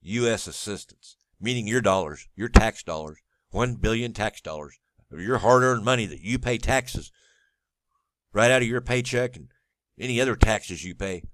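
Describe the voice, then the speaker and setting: A man's voice: lowish voice, animated, normal speed, fairly bright tone, dry recording. Sarcastic ranting man, dry close sound. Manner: sarcastic, mocking; blunt and profane. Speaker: political commentator. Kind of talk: ranting commentary over a clip.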